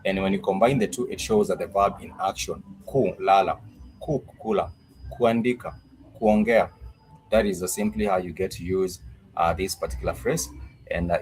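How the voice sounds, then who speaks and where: A man teaching a live-streamed language class, patiently repeating phrases for drilling and pausing with frequent fillers. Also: low-pitched, a little mellow, slight background noise, rough recording.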